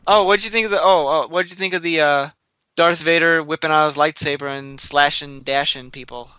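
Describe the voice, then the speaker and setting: A man's voice: a little high, fairly even intonation, fairly quick, bright, forceful tone, smooth, no echo, highs cut off. A man co-hosting a podcast in casual chat, rambling and laughing at his own slips. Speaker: podcast co-host.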